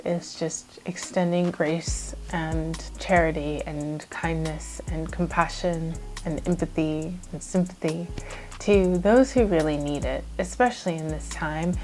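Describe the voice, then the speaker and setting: An earnest woman speaks straight to her viewers in a reflective vlog monologue. Her voice sits fairly low and turns a little emotional, with casual "like" fillers throughout. Faint music plays softly underneath. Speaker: YouTuber.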